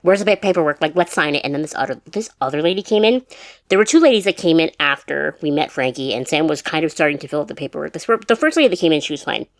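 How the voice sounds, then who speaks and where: A woman's voice: sits low, expressive, quick pace, no room sound, studio quality. A young woman chatting casually in a rambling vlog, full of restarts and fillers. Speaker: vlogger. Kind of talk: casual chat. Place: her mom's house.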